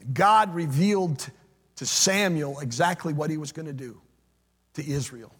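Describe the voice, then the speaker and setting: A man's voice: fairly high pitch, moderate pace, fairly bright tone, breathy edge, in a large hall. A man preaching a sermon as pastor, emphatic, repeating phrases and swelling into a sing-song preaching cadence.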